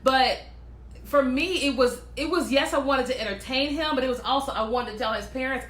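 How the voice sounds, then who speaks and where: A woman chatting casually and telling personal stories, animated and quick to act out what other people said. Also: high-pitched, roomy sound. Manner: animated, acts out quoted voices, laughs often. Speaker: speaker sharing personal stories. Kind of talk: casual storytelling monologue.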